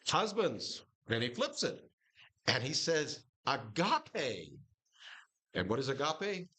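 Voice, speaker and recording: A man's voice: medium pitch, big pitch swings, normal speed, pushed and bright. A man teaching a Bible study group in a conversational style, restarting phrases and lifting his voice when quoting scripture.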